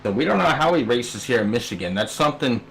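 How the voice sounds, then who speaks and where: A man's voice: medium pitch, expressive, fast, creaky, a bit bright, soft background music. A middle-aged man calling a sim racing broadcast in a chatty, easygoing way, reading out the starting grid. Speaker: race commentator.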